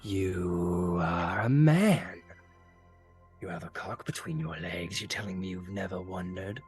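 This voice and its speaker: A man's voice: a little slow, faint music behind. A man voicing a sly, menacing demon lord. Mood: taunting. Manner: low, hushed, taunting delivery. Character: scheming male demon lord, silky and menacing.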